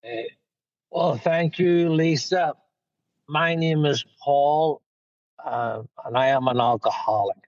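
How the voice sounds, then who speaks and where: With a fairly high, steady voice, a Northern Irish man takes it slowly on dull audio with no room sound. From his parked car, he shares his recovery story as a guest speaker, frank and self-mocking in his storytelling.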